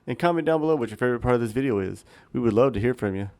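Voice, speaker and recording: A man's voice: medium pitch, animated, racing, a little mellow. A young man co-hosting, improvising a story in a rambling way and repeating 'he goes' as he talks. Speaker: co-host and storyteller. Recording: distant mic in echoey room, faint noise.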